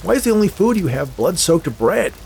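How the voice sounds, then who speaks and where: A man voicing a desperate escaped male convict, pleading and angry, rising to shouts. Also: medium pitch, very animated, fairly quick, creaky, a little hiss or hum, pitched above the performer's own voice.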